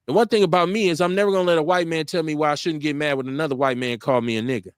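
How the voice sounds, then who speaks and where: A man in his forties hosting an internet radio show, telling stories in a casual, animated way, acting out what people said and swearing freely. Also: high voice, fast, no room sound, clean studio sound.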